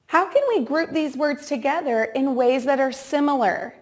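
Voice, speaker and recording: A woman teacher giving a reading lesson to young children, pronouncing each word slowly and clearly and prompting them to repeat. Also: sits high. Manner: slow, exaggerated word-by-word enunciation with repeat-after-me prompts.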